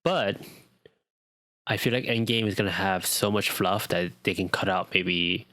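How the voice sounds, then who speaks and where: Young guy podcast cohost, lowish voice, rambly with ums, dry close sound. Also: measured pace, sharp tone, no echo. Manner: rambling with many ums and restarts. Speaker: podcast co-host. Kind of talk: casual chat.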